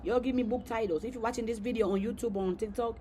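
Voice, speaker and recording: A woman's voice: a little high, fairly even intonation, quick pace, warm tone, a little hiss or hum. A woman hosting a casual motivational talk to her viewers, playful and often laughing at her own jokes, with repeated words as she thinks aloud. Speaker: host.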